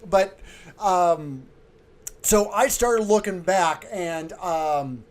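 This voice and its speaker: High-voiced middle-aged man chatting casually. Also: very slow. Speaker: podcast co-host, clown. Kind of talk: casual chat.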